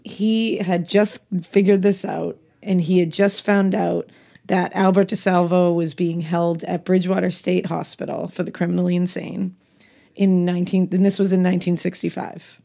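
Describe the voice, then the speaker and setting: A woman co-hosting a casual true-crime podcast, hoarse, with vocal fry, chatty and given to swearing. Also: on the low side, level tone, normal speed, dark tone. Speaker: podcast co-host.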